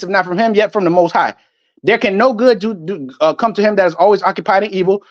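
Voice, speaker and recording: Man with a high-pitched voice ranting like a street preacher, heated and profane, on a muffled, dry recording. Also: no room sound. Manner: angry, profane, preachy, quotes scripture. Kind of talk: ranting religious monologue.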